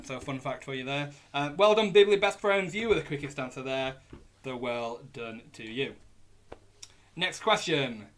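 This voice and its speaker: A man's voice: mid-range voice, a bit bright. A young man with a Yorkshire accent hosting a live online pub quiz, reading out questions and options and chatting in a jokey, easygoing way. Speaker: quiz host. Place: indoors at home on a hot day.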